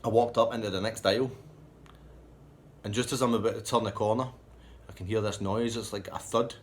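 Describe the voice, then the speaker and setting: A man telling a rambling, profane anecdote in a casual, lively way. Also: lowish voice, brisk, a little hiss or hum. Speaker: storyteller.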